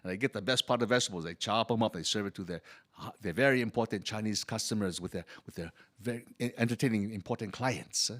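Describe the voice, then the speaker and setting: A man's voice: lowish voice, fast talker, fairly bright tone. A man storyteller playing a humble, good-humored Chinese immigrant laborer who speaks in broken English. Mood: wistful. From Hawaii. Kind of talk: first-person character storytelling.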